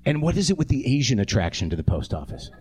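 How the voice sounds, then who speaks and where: A man's voice: medium pitch, big pitch swings, fast talker, noisy background. A man in his forties hosting a comedy podcast live on a theatre stage, riffing with the audience in a profane, sardonic way. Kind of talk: live stand-up banter with audience.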